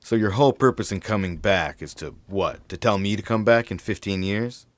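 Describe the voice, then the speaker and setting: A man in his fifties playing his own cryptic, deadpan older self who has come back from the future, in an audio drama. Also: on the low side, moderate pace, dry recording, close to an everyday voice. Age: 50s. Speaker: older time-traveling self.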